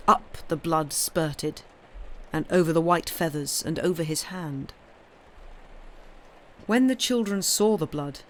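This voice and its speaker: A woman reading a short story aloud on a livestream, in an expressive, measured way. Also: on the low side. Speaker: story reader.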